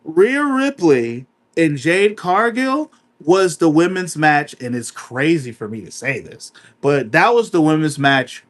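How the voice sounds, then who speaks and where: A man co-hosting a casual wrestling podcast, talking emphatically, repeating himself and filling pauses with "uh". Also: a little high. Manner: animated, emphatic, repeats himself with many fillers. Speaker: podcast co-host.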